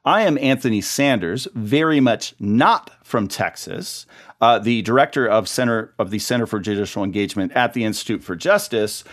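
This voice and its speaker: Male podcast host, chatty and relaxed, with a lively, varied pitch. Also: moderate pace. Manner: chatty, with fillers and restarts. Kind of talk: casual podcast chat.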